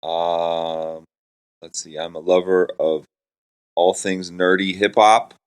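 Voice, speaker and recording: A man's voice: deep voice, little pitch movement, slow, clear, resonant tone. A man in his forties from Florida, a Christian hip hop artist and pastor, chatting playfully and self-deprecatingly in an interview in a hotel room. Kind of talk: casual interview chat.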